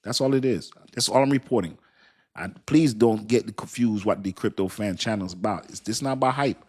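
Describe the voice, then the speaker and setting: A man with a fairly low voice hosts a live stream and talks straight to his viewers. His speech is loose and slangy, and it wanders with frequent restarts. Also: fairly quick, a little mellow, breathy edge. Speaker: crypto channel host. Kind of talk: casual livestream talk to viewers.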